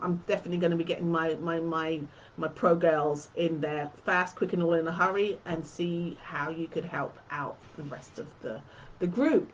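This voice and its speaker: A woman's voice: on the low side, highs cut off, slight background noise. A woman hosting a quilting tutorial live stream, chatting casually and fondly with her viewers.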